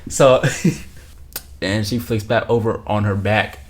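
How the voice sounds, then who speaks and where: A young man telling a story from his own life as a streamer, rambling, slangy and repeating himself, sometimes dropping to a hushed low voice. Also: fairly even intonation, slow. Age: young adult. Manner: drops to a hushed low voice for spicy parts. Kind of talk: casual storytelling.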